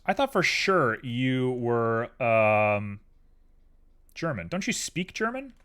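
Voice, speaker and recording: A man's voice: medium pitch, big pitch swings, slow pace, fairly bright tone, smooth. A tired man chatting casually and rambling drowsily on a live stream while he works on a 3D model at his computer.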